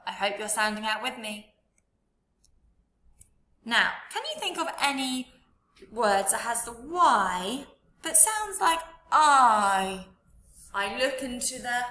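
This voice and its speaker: A woman teaching a children's phonics lesson, sounding out letters slowly and coaxing the listener to repeat after her. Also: fairly high pitch, expressive, pushed and bright, echoey room. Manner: slow, drawn-out sounding out of letters with encouraging prompts.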